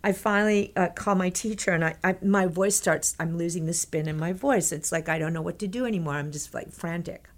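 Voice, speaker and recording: A middle-aged Texan woman with a lowish voice spins a long yarn as a guest in an interview, speaking fairly quickly and barely pausing. Her delivery comes in lively, tumbling, breathless bursts, and she mimics the voices of the people she quotes as she tells the story conversationally.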